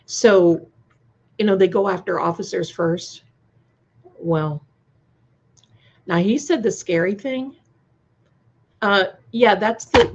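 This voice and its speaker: A woman's voice: lowish voice, husky. A woman chatting casually on a live stream, reacting to viewer comments with many restarts. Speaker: co-host of a live stream premiere chat. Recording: slightly dull lo-fi sound.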